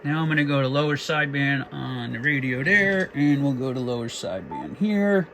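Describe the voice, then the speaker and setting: A man's voice: medium pitch, expressive, normal speed, background noise. A man casually demonstrating a radio, talking through his settings and counting test words into the mic. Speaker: radio equipment reviewer. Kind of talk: casual demo talk.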